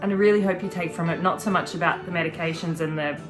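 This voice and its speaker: A woman's voice: on the low side, steady tone, fast talker, music in the background. A woman in her thirties chatting casually on a vlog, earnest and reflective, talking in long run-on sentences. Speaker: vlogger. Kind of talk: casual chat.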